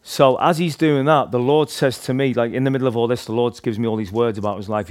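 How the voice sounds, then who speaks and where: Speaking quickly with a steady tone and medium pitch, a Northern Irish man recounts his personal faith story to a group. His testimony is chatty and meandering, peppered with restarts and "like."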